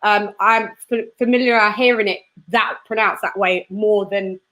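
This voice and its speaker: A woman's voice: mid-range voice, fairly even intonation, a little slow, fairly bright tone. A woman from the United Kingdom hosting a live stream, bubbly and chatty, laughing often. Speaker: host. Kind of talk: casual live-stream chat.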